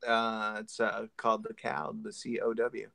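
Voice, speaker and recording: A man's voice: on the low side, monotone, unhurried, creaky, sharp tone, no room sound. A man who draws comics, chatting casually and jokingly with friends while he works. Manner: joking, rambling, playful. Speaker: comic book artist. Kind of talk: casual chat while drawing.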